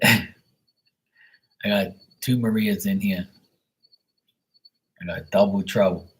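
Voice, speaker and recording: A man chats casually on a live stream, spinning loose anecdotes full of swearing and laughing at his own punchlines. His voice sits a little low and has a husky, breathy edge. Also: fairly even intonation, slow, a bit bright, poor audio. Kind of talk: casual storytelling chat.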